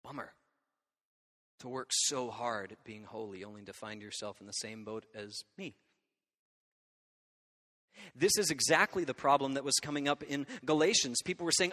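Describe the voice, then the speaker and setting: A man in his thirties, a pastor delivering a lively, conversational sermon and often checking in with his listeners. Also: medium pitch, moderate pace, pauses often. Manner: animated, conversational preaching with frequent check-ins to the audience. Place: church hall. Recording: hall reverb.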